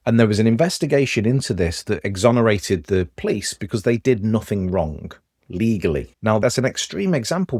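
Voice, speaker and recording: A man with a Stoke Midlands accent, a podcast guest telling lively examples in casual conversation. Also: mid-range voice, no echo, clean studio sound. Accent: Stoke, English Midlands.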